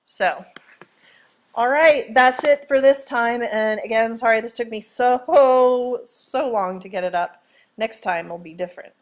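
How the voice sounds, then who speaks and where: A woman high school English teacher giving a playful, chatty vocabulary lesson at home, often checking in with "okay?". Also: a little slow. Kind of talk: casual vocabulary lesson video.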